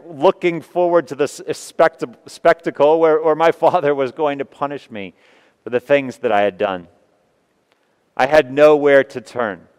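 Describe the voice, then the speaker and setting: Slow, resonant man preaching in a hall. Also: mid-range voice, a little mellow, smooth. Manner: earnest, emotional storytelling with long pauses. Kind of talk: first-person dramatic retelling in a sermon. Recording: long reverb of a large hall.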